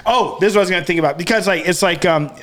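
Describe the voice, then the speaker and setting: A man's voice: sits high, very fast, a bit bright. A man co-hosting a casual podcast chat, rambling, jokey and profane. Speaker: podcast co-host.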